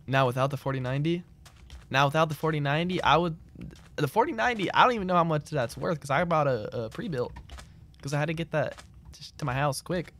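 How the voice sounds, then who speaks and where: A man's voice: fairly high pitch, fast, a bit bright. Slangy gamer guy streaming live. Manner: loose, slangy, rambling, answers chat. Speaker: game streamer. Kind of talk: casual live-stream chat. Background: keyboard clicks and typing.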